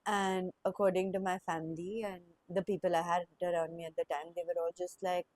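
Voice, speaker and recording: A young woman speaking in an emotional, halting personal monologue, with sighs and restarts. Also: on the low side, flat delivery, a little mellow, no echo. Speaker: vlogger.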